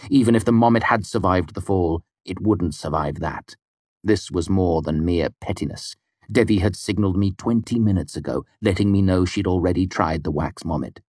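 A man narrates a first-person audiobook in a deep, low register. His delivery is measured and quietly wry. The sound is close and dry, with no room around it. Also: dry recording.

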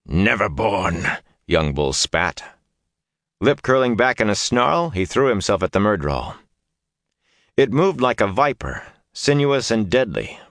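A man reading a fantasy novel aloud as an audiobook narrator, in a measured, dramatic way. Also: low voice, no echo, clean studio sound.

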